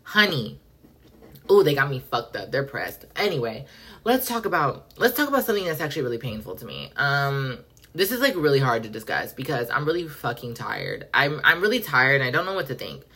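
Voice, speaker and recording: Sassy low-voiced woman podcast host. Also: very animated, a little fast, sharp tone, husky. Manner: sassy, profane, emphatic with lots of "like" and slang. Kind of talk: casual pop-culture rant.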